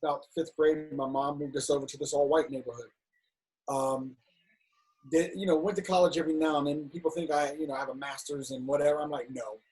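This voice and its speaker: A middle-aged man with a slightly husky voice sits for an interview and tells his story candidly. His pitch sits a bit higher than most men's, and he often stumbles and restarts a phrase before pushing on. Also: steady tone, brisk, darkish tone, poor audio. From United States, Cincinnati. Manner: frank, talks through restarts and stammers. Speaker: filmmaker and actor, guest.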